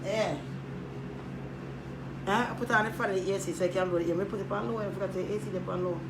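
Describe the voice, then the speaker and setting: A woman rambling casually to camera, joking loudly, swearing and trailing off into mutters. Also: medium pitch, steady tone, fast talker. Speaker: vlogger. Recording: echoey room, noisy background.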